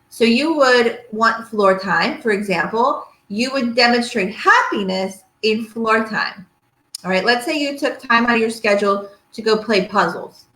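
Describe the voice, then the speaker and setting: A woman's voice: mid-range voice, a bit bright. Chatty woman teaching parents, echoey room. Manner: chatty, checks in with listeners often. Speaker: pediatric physical therapist teaching a parenting workshop. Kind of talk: casual workshop lecture.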